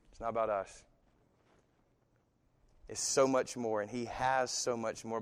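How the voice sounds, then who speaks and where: A male pastor preaching an animated sermon that swings from soft to loud, with voices acted into the quotes. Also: lowish voice. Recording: long hall reverb.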